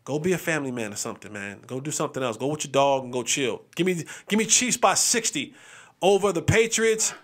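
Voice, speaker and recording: A man hosting a sports show, giving game picks in a casual, animated and playful way, repeating phrases for emphasis. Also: on the high side, a little fast.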